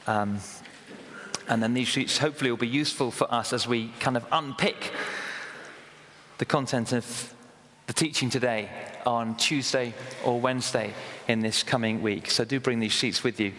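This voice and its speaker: A man leading a church service, introducing the reading and giving notes before the sermon in a relaxed, informal way. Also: medium pitch, moderate pace, big-room sound. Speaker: preacher. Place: large church.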